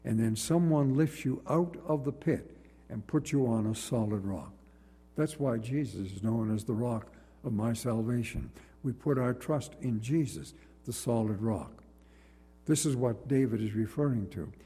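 Earnest preacher man with a dark, husky voice. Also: mid-range voice, big-room sound. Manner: earnest, measured preaching with repetition. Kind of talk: sermon.

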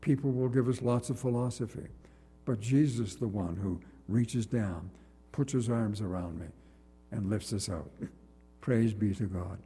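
A man preaching a sermon in an earnest, measured way, repeating phrases for emphasis, in a church. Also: on the low side, warm tone, husky, in a large hall, soft background music.

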